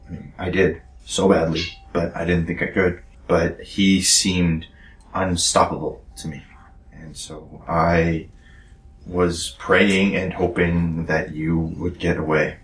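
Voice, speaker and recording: A man voicing a guilt-ridden, tender young rebel fighter in a tabletop role-play, hesitant and soft, trailing toward whispers, in a roomy space. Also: low-pitched, little pitch movement, slow. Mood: remorseful. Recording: roomy echo.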